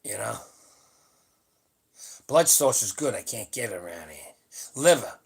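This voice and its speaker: A man's voice: lowish voice, sing-song, measured pace, vocal fry, husky. A man in his seventies, host of a live stream, talking casually in a blunt, rambling and salty way. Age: 70s. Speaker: powerlifting channel host. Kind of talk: casual livestream chat. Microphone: webcam or phone on a live stream.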